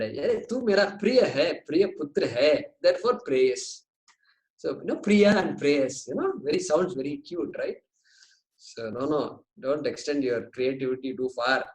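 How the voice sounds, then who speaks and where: Man teaching scripture in roomy hall. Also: fairly high pitch. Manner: explanatory, lightly joking, dwells on Sanskrit terms. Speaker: Vedanta teacher. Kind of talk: scripture class lecture.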